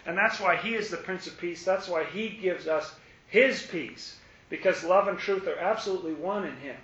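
A man preaching a sermon in an animated, emphatic way, sometimes acting out voices. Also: normal speed. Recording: roomy, dull audio with faint rumble.

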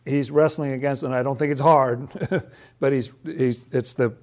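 A man's voice: mid-range voice, fairly even intonation, moderate pace, a little mellow. A man leading a casual Bible study, chatty and laughing often, who acts out the figures' lines in playful voices.

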